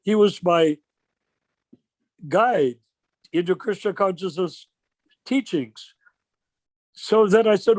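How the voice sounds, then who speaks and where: An older man leading an informal religious discussion on a video call, telling stories with rhetorical questions in an animated way. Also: sits high, slow, pauses often, no echo. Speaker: discussion leader.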